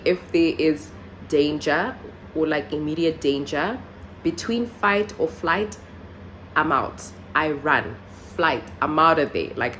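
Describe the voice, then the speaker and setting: A woman's voice: low-pitched, slight background noise. A young woman from South Africa vlogging casually, telling a story with lots of fillers. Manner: chatty, animated storytelling with many fillers. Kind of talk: casual vlog chat and storytelling.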